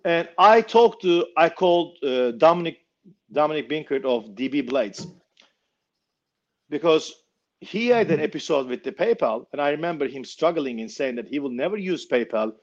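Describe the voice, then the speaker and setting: A knife maker telling a story casually, blunt and swearing freely. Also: male voice, a little high, animated, moderate pace, highs cut off.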